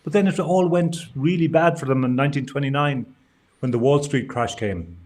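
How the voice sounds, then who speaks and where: A man's voice: medium pitch, moderate pace, darkish tone. A man from Ireland co-hosting a live stream, chatting in a wry, storytelling way. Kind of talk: casual live-stream chat.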